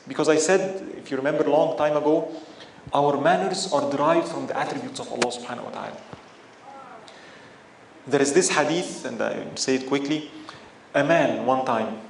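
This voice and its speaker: A man's voice: on the high side, echoey room, slight background noise, rough recording. A man preaching a sermon in English with Arabic phrases mixed in, telling stories animatedly and acting out the people in them. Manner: animated storytelling, acting out quoted voices. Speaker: Islamic preacher.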